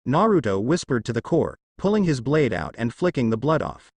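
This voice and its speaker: A man narrating a fan story in a steady storytelling way. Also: mid-range voice, a little fast, slightly rough, no echo.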